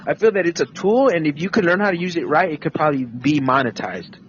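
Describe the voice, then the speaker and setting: A man hosting a podcast, teasing and animated, swearing casually. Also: on the high side, quick pace, muffled recording, slight background noise. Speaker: podcast host.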